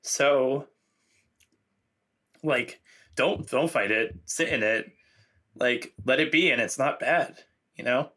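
A man's voice: mid-range voice, takes it slowly, pauses often, sharp tone. A man being interviewed as a guest writer, talking in a loose, reflective way with many fillers. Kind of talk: casual conversational interview.

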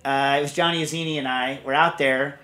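A man in a relaxed podcast conversation, talking at an easy middle pitch. He rambles through stories with lots of asides and "you know"s, in a loose, chatty manner. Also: a little fast. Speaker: podcast host. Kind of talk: casual chat.

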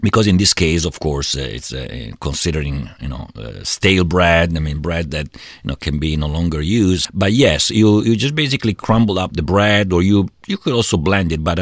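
A middle-aged Italian man with a notably low voice, speaking English with an Italian accent. He talks in halting phrases, full of fillers and restarts as he searches for words. The recording is close and dry. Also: dry recording. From Italy. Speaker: guest, travel business owner. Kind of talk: interview.

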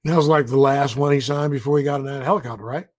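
A man's voice: medium pitch, steady tone, fast, no echo, clean studio sound. A male interviewer who listens attentively, affirming often and asking probing follow-up questions. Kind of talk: conversational interview.

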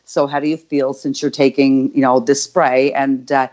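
A woman's voice: extremely low pitch, level tone, moderate pace, a little mellow. An older grandmother from Canada, telling a heartfelt personal story as an interview guest, rambling with many fillers. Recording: dull lo-fi audio.

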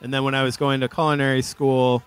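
A man's voice: medium pitch, little pitch movement, fast, clear, resonant tone. A man who is a chef starting a personal story in an outdoor interview. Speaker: chef, guest. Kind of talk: interview answer. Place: outdoor farmers' market event.

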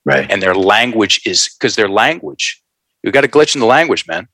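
A man telling a story in an animated, folksy way, calling his listeners folks. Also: fairly low pitch, moderate pace, dry recording, low-quality recording. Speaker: guest.

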